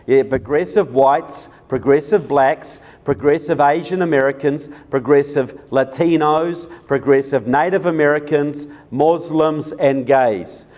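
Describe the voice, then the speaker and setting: A man's voice: on the high side, unhurried, hardly any pauses, a little mellow. Emphatic man giving a political talk. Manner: emphatic, repeats key words, asks the audience questions. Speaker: political speaker. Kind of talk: live presentation to an audience.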